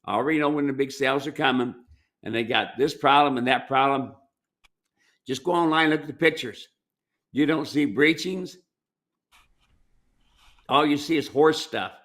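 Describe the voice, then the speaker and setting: A man's voice: medium pitch, normal speed, long pauses, a bit bright. A man who trains mules, giving plainspoken, folksy advice and telling ranch stories in a casual question-and-answer show. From United States. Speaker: mule trainer and ranch owner.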